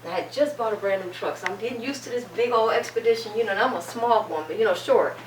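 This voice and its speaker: A woman's voice: fairly high pitch, fast talker. A middle-aged woman giving an emphatic, preacher-like testimony as a panel guest, repeating phrases for weight. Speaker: guest, cancer survivor. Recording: echoey room, distant mic, faint hum.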